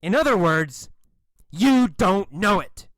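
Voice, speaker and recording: Male reader voicing a storybook villain teacher: stern, threatening, slow and dry. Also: high-pitched, big pitch swings, fairly bright tone, no room sound, heavily acted. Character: cruel adult male English teacher.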